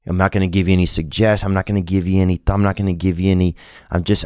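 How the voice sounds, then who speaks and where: A man telling a personal story in a rambling, halting way, reflective and emotionally open, with lots of slang and restarts. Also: low voice, flat delivery, darkish tone, dry recording, studio quality. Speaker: podcast host. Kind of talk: confessional storytelling.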